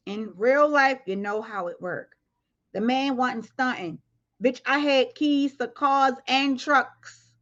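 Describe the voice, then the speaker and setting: Woman going off on a livestream, blunt and cussing, bit of a dull sound. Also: sits high. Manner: blunt, profane, addresses viewers directly. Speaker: livestream commentary host. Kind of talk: casual livestream commentary.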